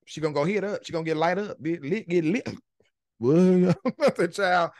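A man hosting a casual gossip podcast over a video call, animated and profane, retelling quotes with dramatic flair. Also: high-pitched, moderate pace, no room sound. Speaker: podcast host.

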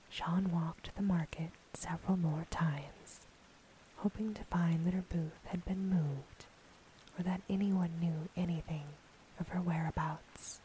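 A woman reading a fairy tale aloud in a soft, unvoiced whisper, as a bedtime story. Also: lowish voice, fairly even intonation, unhurried, slight background noise, poor audio.

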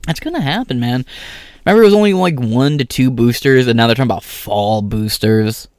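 Here is an American man in a heated, profanity-laden rant, his voice sitting at a middle pitch. He is recorded dry, with no room sound around him, and he slips into mocking impressions of the people he talks about. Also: a little fast, smooth, dry recording. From United States. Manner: profane, heated, swears constantly; mocks others by mimicking them. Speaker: vlogger. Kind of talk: ranting monologue.

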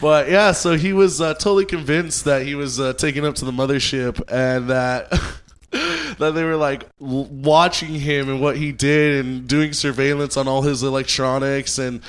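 A young man tells a road story in an easygoing, rambling way, full of fillers and restarts. His voice sits at an ordinary middle pitch for a man, and the talk is casual and unscripted. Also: normal speed, clean tone. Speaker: guest storyteller, touring crew member.

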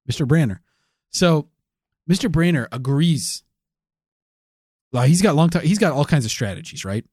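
A man's voice: fairly high pitch, lively intonation, normal speed, darkish tone, dry recording, clean studio sound. A man co-hosting a comedy podcast, telling a rambling, crude and absurd improvised story.

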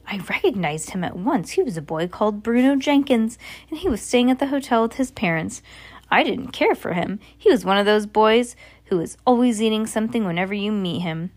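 A woman's voice: mid-range voice, lively intonation, brisk. A woman reads a children's novel aloud at an easy pace. She breaks off for chatty asides and restarts words freely. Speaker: reader. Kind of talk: casual reading of a novel aloud.

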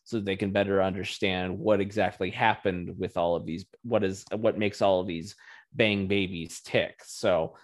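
A man's voice: low voice, fairly even intonation, moderate pace. A man co-hosting a podcast, chatting casually and wryly with plenty of "uh"s. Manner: wry, joking, with frequent filler "uh". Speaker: podcast co-host. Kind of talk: casual podcast review chat.

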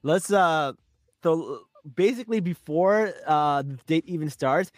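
A man's voice: on the high side, animated, unhurried, no echo, studio quality. A man co-hosting a podcast, chatting casually and upbeat about a reality show, often repeating words and laughing along. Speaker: podcast co-host.

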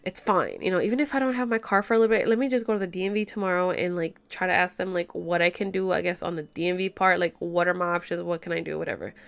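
A woman's voice: fairly low pitch, steady tone, very fast, creaky, hardly any pauses, clear, resonant tone. Venting young woman ranting to her viewers. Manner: venting, ranting, swears freely; fillers like "like" and "you know". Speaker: vlogger. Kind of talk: casual storytime vlog. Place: home bedroom.

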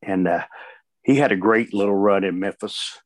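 A man's voice: on the low side, moderate pace, no room sound. An older man, a veteran wrestler, telling stories in a casual chat, laughing often and acting out what others said. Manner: animated storyteller, laughs often, acts out quotes.

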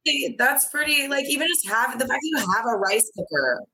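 A woman's voice: sits high, expressive, a little fast, sharp tone. A woman chatting casually on a podcast over a video call, filling her talk with "like" and laughing often. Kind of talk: casual chat.

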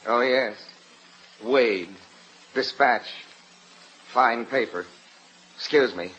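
A blustering husband with a bright, forceful voice, bossing the house and rambling on about himself. The sound is dull and muffled like an old radio broadcast with faint hiss. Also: male voice, medium pitch, extremely slow. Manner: bossy, rambling, comic bluster. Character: blustering, vain middle-aged husband. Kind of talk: 1940s radio comedy acting.

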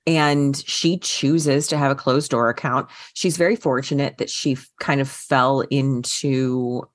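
A woman's voice: a bass voice, fairly even intonation, measured pace. A woman co-hosting a book podcast, talking casually with many fillers and restarts. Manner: chatty, frequent fillers and restarts. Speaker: podcast co-host. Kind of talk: casual book review chat.

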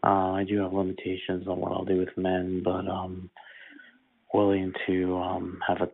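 A man in his thirties leaving a hesitant chatline greeting with many pauses. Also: low-pitched, monotone, vocal fry. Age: 30s. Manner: hesitant, halting. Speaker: chatline caller. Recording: tinny phone line.

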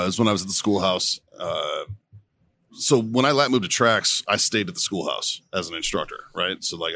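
A middle-aged man with a slightly low voice, telling a crude story to friends. He swears freely and acts out every voice in the tale. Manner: profane, animated storyteller acting out quotes. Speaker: podcast co-host. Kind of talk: casual storytelling among friends.

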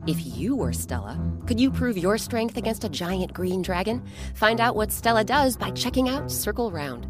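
A woman hosting a kids' story podcast, narrating a folk tale in a lively, expressive scripted way. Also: medium pitch, moderate pace. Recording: music playing under the voice.

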